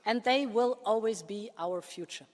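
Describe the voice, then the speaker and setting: A woman leader giving a formal prepared speech to a parliament. She speaks in a measured way and slows down with pauses to stress key words. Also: fairly high pitch. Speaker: political leader addressing a parliament. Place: large parliament chamber. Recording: long reverb of a large chamber.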